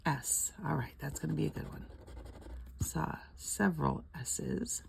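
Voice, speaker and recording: A woman's voice: deep voice, animated, measured pace, creaky, a little mellow, slight background noise. An older woman chatting casually at home while scratching lottery tickets, rambling, laughing often and murmuring letters half under her breath.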